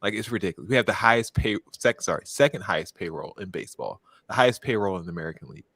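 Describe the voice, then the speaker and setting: A man from Baltimore co-hosting a casual podcast, ranting with plenty of swearing and quick self-corrections. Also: on the low side, expressive, gravelly, sharp tone, no room sound. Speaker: podcast co-host. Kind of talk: casual chat.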